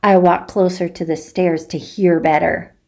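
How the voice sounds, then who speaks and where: A teacher reading a children's chapter book aloud in an expressive storytelling manner. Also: female voice, on the low side, unhurried, vocal fry.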